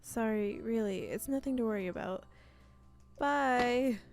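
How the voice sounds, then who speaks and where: A woman voicing a brusque young woman painter in a cozy role-playing game, talking loudly and briskly and brushing people off. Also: a little high, natural voice. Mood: dismissive. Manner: loud, brisk and dismissive.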